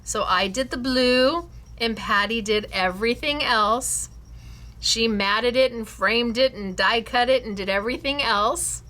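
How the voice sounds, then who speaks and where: A woman's voice: a little high, a little slow, bright, forceful tone. A woman hosting a scrapbooking class, enthusiastically showing and praising her students' cards and laughing often. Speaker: craft class host.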